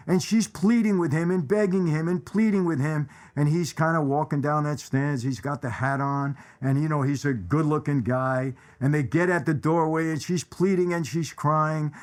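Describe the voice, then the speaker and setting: A man hosting his own channel chats casually with viewers about his favorite movie lines, rambling and repeating phrases for emphasis. His voice is on the high side with a darkish tone, at normal speed.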